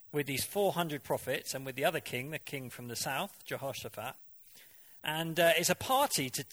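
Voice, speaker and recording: A man's voice: a little high, pushed and bright. A man preaching a sermon in a conversational way, often asking the congregation questions and now and then mimicking voices for effect.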